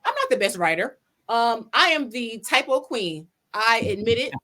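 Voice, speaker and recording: A woman, a podcast guest, telling her story in a casual interview from her home office over a video call, animated and acting out her own past words. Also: a little high, moderate pace. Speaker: podcast guest, pageant winner and salon owner.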